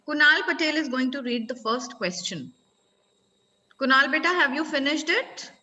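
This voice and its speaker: A woman with an Indian accent teaches a class over a video call. She is firm and keeps repeating orders for quiet. Her voice is high and bright, and the audio is muffled with a long echo. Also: lively intonation, normal speed.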